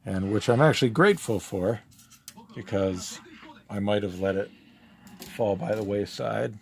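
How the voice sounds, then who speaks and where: A man streaming himself drawing live, chatting casually with viewers in a relaxed, rambling way with lots of fillers. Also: lowish voice, unhurried, gravelly, slight background noise. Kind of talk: casual chat while drawing.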